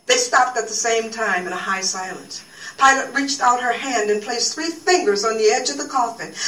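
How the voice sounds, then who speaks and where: A woman who teaches at a university, giving a lecture and reading from a novel, with halting speech full of fillers and restarts. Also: a little high, sharp tone. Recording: echoey room, far from the mic.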